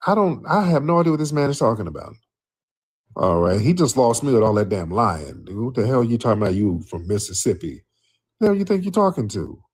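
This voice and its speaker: A man's voice: lowish voice, animated, brisk, breathy edge. A man hosting a live call-in show with an American South background, bringing callers on and teasing them with blunt disbelief. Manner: teasing, incredulous, talks over callers. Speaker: host. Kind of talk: casual live call-in chat.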